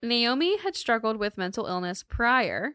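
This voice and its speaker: A woman's voice: a little high, big pitch swings, measured pace, a bit bright, clean tone, no echo, studio quality. A woman co-hosting a podcast, telling a true crime case in a casual, joking way and laughing often.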